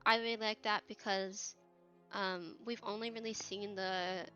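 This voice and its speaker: A woman's voice: mid-range voice, steady tone, a little slow, sharp tone, dull audio, faint music behind. A young woman chatting casually about an episode, emotional and candid, laughing and swearing freely. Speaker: cast member on a recap show. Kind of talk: casual recap chat.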